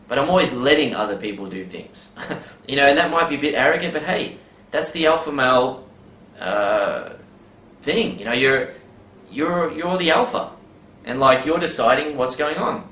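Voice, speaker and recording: A man's voice: mid-range voice, expressive, moderate pace, fairly bright tone. A man giving a casual advice monologue, rambling with many fillers and tag questions. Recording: roomy with faint background ambience.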